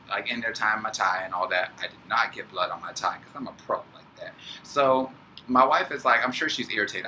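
Young male vlogger, lowish bright voice, animated storyteller, faint room noise. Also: rough recording. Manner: animated, acts out quoted people. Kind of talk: casual storytelling.

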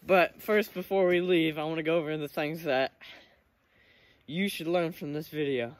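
Teen male vlogger, eager and emotional, repeats himself, higher voice. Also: moderate pace, dry recording. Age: teens. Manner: excited, emotional storytelling with repeated words. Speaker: hunting vlogger. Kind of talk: casual storytelling to camera.

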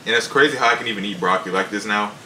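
A young man bantering casually at home, relaxed and joking. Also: lowish voice, rapid-fire, roomy sound, slight background noise, low-quality recording. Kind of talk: casual chat. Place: home kitchen.

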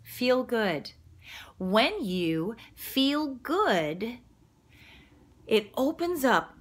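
A middle-aged woman life coach talking casually and warmly about feeling good, laughing at herself and sometimes dropping to a whisper. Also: fairly high pitch, slightly rough. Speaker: quantum healing practitioner and life coach. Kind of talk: casual motivational monologue.

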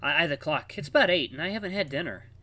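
A man's voice: fairly high pitch, expressive, fast talker, pushed and bright, slight background noise. Man reading a story game aloud. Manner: casual asides while reading. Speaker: game streamer. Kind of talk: reading a visual novel aloud.

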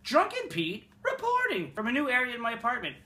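A young man from Montreal, Canada, vlogs casually from a room in his apartment, rambling, swearing and mocking himself as he tells funny childhood stories. His very high voice swoops wildly in pitch at a brisk clip, sounding pushed and bright. The sound is roomy, with slight background noise.

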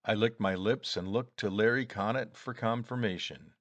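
Low-voiced man narrating a story. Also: moderate pace, dry recording, muffled recording. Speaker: audiobook reader. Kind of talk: first-person story narration.

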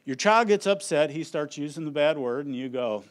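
Middle-aged male speaker, fairly high voice, lively story-driven stage presentation. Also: moderate pace. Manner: animated storyteller who acts out his family's lines. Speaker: conference speaker on children's ministry. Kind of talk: humorous presentation to an audience. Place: on a stage at a conference.

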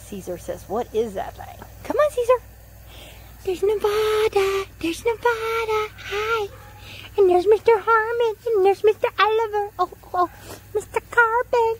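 Lady cooing at her puppies outside in a yard, very high voice that swoops all over, faint outdoor noise behind. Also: expressive, unhurried. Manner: high sing-song baby talk to pets. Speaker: dog owner filming puppies. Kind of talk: casual chat to puppies.

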